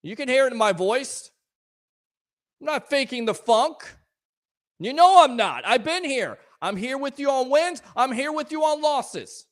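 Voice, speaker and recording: A male sports talk host fields callers after a loss, sounding frustrated and emphatic as he fires off rhetorical questions. His voice is extremely high with lively intonation, and he keeps a measured pace.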